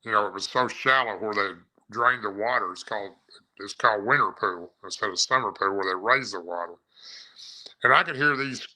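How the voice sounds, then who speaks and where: A man with a fairly low, bright voice and a forceful tone recounts his own encounter as an eyewitness, on a low-quality recording. His casual first-person storytelling rambles, often repeating and restarting phrases.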